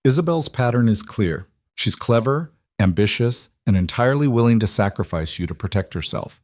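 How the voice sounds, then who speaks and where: A man playing a cold, controlled mafia boss who talks in a calm, matter-of-fact, almost gentle way. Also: mid-range voice, moderate pace, no room sound, clean studio sound, close to an everyday voice.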